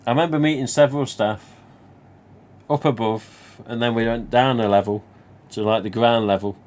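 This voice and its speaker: On his livestream, a Nottingham-accented Englishman with a medium-pitched, darkish voice speaks at normal speed with fairly even intonation. His casual story rambles on with asides, lots of you-knows, and the occasional mild swear.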